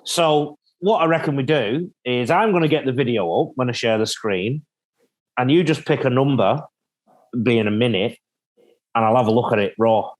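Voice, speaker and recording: A man's voice: mid-range voice, poor audio. A man with an English accent, a rugby league analyst chatting casually and joking at his own expense from a hotel room. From England. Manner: chatty and jokey, quick to laugh at himself. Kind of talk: casual chat.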